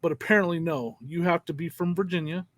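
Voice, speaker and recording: Guy with a high voice cohosting a podcast, laughs a lot telling stories, dry close mic. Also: fairly quick, dry recording. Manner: animated storytelling, laughs often. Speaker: podcast co-host. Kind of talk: casual chat.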